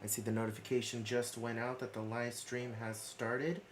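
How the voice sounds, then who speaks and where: A man's voice: mid-range voice, flat delivery, normal speed. A man hosting a casual live stream, chatting with viewers and reading their comments aloud. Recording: roomy echo.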